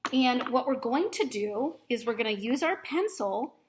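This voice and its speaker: A woman teacher giving a recorded grammar lesson for children, explaining patiently, clearly and step by step. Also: fairly high pitch, expressive, normal speed, a little hiss or hum.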